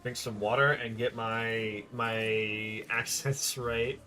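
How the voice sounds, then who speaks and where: A man commenting casually while he plays a role-playing game, playful and self-mocking. His voice is bright and clear at a middle pitch. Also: steady tone, slow, faint music behind. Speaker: game streamer.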